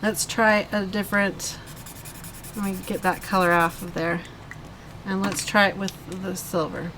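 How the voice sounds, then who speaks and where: A woman's voice: medium pitch, steady tone, measured pace, noisy background. A woman hosting a live coloring tutorial, chatting casually as she demonstrates step by step. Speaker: host of a live coloring stream.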